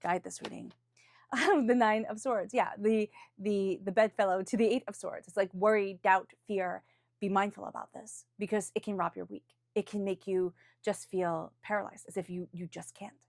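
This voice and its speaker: A woman's voice: medium pitch, fairly even intonation, moderate pace, a little mellow, no room sound, clean studio sound. Earnest woman giving a tarot reading. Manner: earnest and encouraging, often restarting phrases; calls on angels and spirit guides in a chanted aside. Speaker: tarot reader. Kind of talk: weekly tarot reading, spoken off the cuff.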